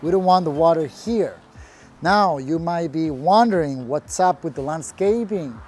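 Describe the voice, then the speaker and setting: A man's voice: on the high side, expressive, unhurried, a little mellow. A man working as a landscaping contractor, giving a casual, upbeat walkthrough of a finished patio outdoors. He talks plainly and sounds proud of the work.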